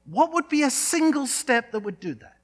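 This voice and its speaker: A male pastor delivering a sermon, speaking in emphatic phrases with dramatic pauses and repetition. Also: very high voice, very animated, faint music behind.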